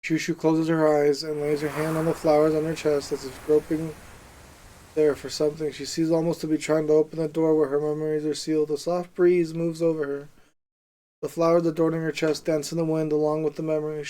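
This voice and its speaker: A man reading a story aloud in a measured way, stumbling now and then over a word. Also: a little high, little pitch movement, mellow, rough recording. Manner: measured reading with small slips and asides.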